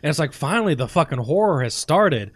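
An excitable man swears freely as he gets worked up over a movie. His pitch sits a little high and moves around a lot. The sound is close and dry. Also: a little fast, dry recording. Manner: excitable and profane. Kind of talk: casual movie discussion.

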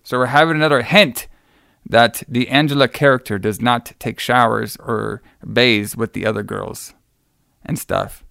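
Gravelly-voiced man casually recapping a movie. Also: medium pitch, unhurried, a bit bright, no echo, clean studio sound. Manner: rambling, laughing, swears freely. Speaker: podcast co-host.

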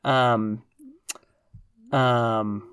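A young man hosting a casual podcast discussion, thoughtful and halting, with many fillers and restarts. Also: medium pitch, steady tone, fairly bright tone, clear, resonant tone. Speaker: podcast host.

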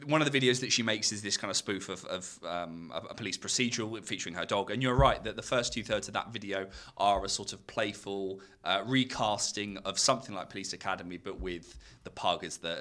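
Lower-voiced guy talking film theory, bright tone, stops and restarts a lot. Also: fairly quick. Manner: thoughtful, academic wording, hesitant restarts. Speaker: podcast co-host, film critic. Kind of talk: casual film discussion.

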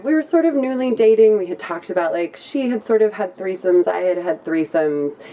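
A woman's voice: lowish voice, mellow, a little hiss or hum. A woman telling a funny personal story at a live storytelling event, chatty and playful, often laughing as she talks.

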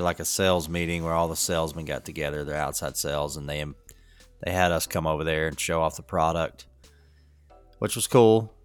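Middle-aged male podcast co-host, very low voice, rambling chuckly storyteller. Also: fairly bright tone, clear, resonant tone. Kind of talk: casual chat.

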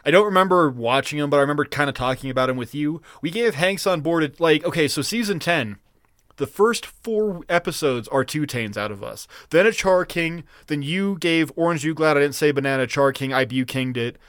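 A man chats casually as a podcast co-host, rambling and cursing freely as his thoughts run ahead of him. His voice sits a bit high for a man. The sound is dry, with no room around it. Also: a little fast, smooth, dry recording. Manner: rambling, profane, excitable. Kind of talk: casual chat.

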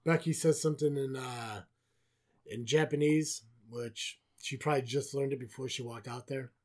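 A man's voice: mid-range voice, steady tone, normal speed, darkish tone. A man co-hosting a podcast, recapping wrestling in casual chat, swearing often and sarcastic. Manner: profane, sarcastic, rambling. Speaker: podcast co-host.

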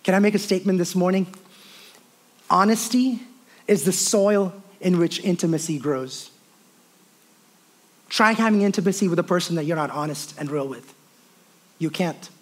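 A man with a high, light voice preaches to his congregation. He speaks earnestly, repeats words as he searches for them, and moves between raised and hushed passages. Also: normal speed, long pauses. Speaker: pastor. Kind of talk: sermon.

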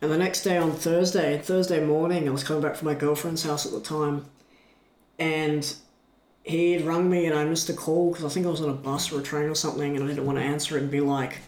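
A man's voice: on the high side, a little fast. Man, echoey room storytelling. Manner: animated retelling, frequent restarts. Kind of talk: casual storytelling chat.

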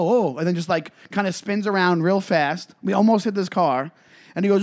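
A man in casual podcast chat, telling meandering stories packed with fillers. His voice sits a little higher than most men's. He drifts quieter when the story turns serious. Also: brisk. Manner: rambling, filler-heavy storytelling. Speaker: podcast co-host.

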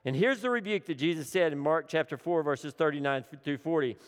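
A man preaching a sermon with dramatic swings between urgent, loud lines and hushed, low ones, repeating phrases for emphasis. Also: a little fast, hardly any pauses. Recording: long hall reverb.

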